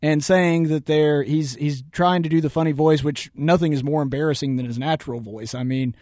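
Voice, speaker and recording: A man's voice: a little high, steady tone, fairly quick, mellow, dry recording, clean studio sound. Argumentative Southern US male host. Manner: argumentative, repeats words for emphasis. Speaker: radio show host. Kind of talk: political commentary reacting to a video.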